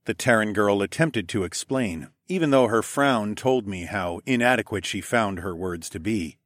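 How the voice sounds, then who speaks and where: A male audiobook narrator telling a first-person fantasy story with expressive delivery. His voice sits on the low side. The recording is dry and close. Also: moderate pace, no echo.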